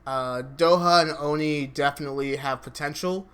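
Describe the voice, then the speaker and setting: Young male co-host, bright and a touch high, candid esports banter, casual swearing. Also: steady tone, clear, resonant tone. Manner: candid, swears freely, fast show sign-off. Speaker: podcast co-host.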